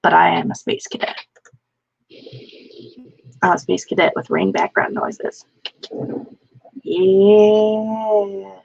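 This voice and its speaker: Hosting a live writing stream alone, a woman rambles and pokes fun at herself while talking to chat. Her lowish voice is level and a little slow, with vocal fry, a breathy edge and frequent pauses, over slightly dull lo-fi stream audio.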